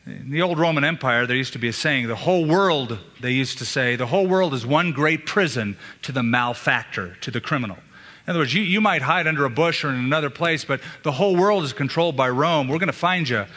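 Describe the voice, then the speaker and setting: Bright-voiced preacher man in echoing hall. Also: mid-range voice. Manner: earnest preaching, rhetorical questions. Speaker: pastor. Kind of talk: sermon. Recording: long hall reverb.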